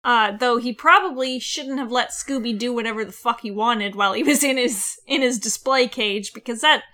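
A woman's voice: fairly high pitch, normal speed, sharp tone. A woman co-hosting a casual podcast about a film, blunt and sarcastic, swearing freely. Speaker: podcast co-host.

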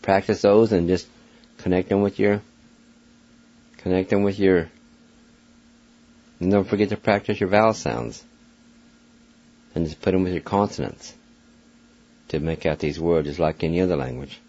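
An older man giving a slow, patient radio pronunciation lesson, spelling each word letter by letter and repeating it. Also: low voice, dark tone. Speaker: radio language teacher. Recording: dull lo-fi radio sound.

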